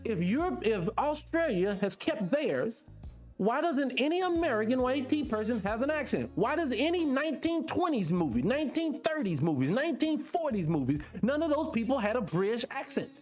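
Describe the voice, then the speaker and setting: A man's voice: very high voice, moderate pace, faint music behind. A man hosting his own video, talking casually to his viewers, calling them y'all and firing off rhetorical questions. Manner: animated, keeps asking rhetorical questions; talks directly to the audience as y'all. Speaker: vlog host.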